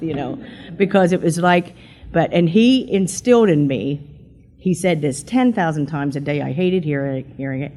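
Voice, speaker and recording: An older church member from Pennsylvania gives her personal testimony to a congregation in a fairly low, dark-toned voice with lively intonation at a normal pace. She's a talkative storyteller who acts out the quotes in a raised voice, and there is slight background noise.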